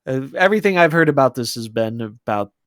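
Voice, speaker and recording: A man's voice: medium pitch, lively intonation, a little fast, fairly bright tone, dry recording, studio quality. A man co-hosting a gaming podcast, talking loosely and conversationally and laughing often. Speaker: podcast co-host. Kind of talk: casual podcast chat.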